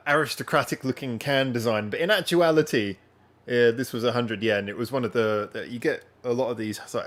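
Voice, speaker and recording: Chatty man hosting a live stream. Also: on the low side. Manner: rambling, chatty, addresses viewers directly. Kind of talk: casual live-stream chat. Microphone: wearing headphones.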